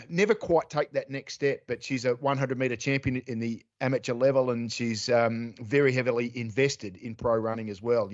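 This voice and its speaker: A man hosting a sports podcast, asking chatty, enthusiastic questions. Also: medium pitch. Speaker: podcast host. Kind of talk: podcast interview. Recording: dull, muffled podcast audio.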